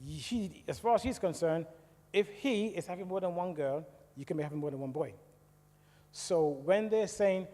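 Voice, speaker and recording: British man, middle-aged, church speaker; lively storyteller who quizzes the crowd, higher voice, reverberant hall. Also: normal speed. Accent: British English. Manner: lively storytelling, asking the audience questions. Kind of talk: personal testimony talk.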